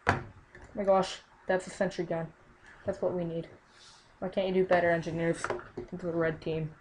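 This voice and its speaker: A woman's voice: on the low side, level tone, moderate pace, noisy background. A young woman casually commenting on her own gameplay, exclaiming often and muttering under her breath.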